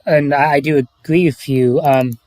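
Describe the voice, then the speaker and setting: A man's voice: on the high side, fairly even intonation, normal speed, a little mellow, no echo. Chatty young man, dry close sound. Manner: rambling, hesitant, with many restarts. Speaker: stream host. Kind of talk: casual chat on a livestream.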